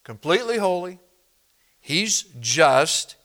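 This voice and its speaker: Male pastor, slightly high, bright voice, unhurried emphatic preaching. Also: sing-song. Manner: emphatic, reads scripture slowly and deliberately; addresses congregation directly. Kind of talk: expository sermon.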